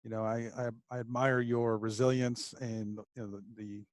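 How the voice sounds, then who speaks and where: Soft-spoken male interview host. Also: medium pitch, level tone, normal speed, no room sound. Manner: hesitant, gentle questioning with fillers. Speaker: podcast host. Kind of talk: casual interview.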